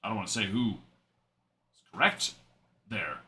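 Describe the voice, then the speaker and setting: Lively chatty man hosting a card break. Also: fairly low pitch, moderate pace, a little hiss or hum. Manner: chatty, rambling asides while reading out cards. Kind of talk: live card-break stream chat.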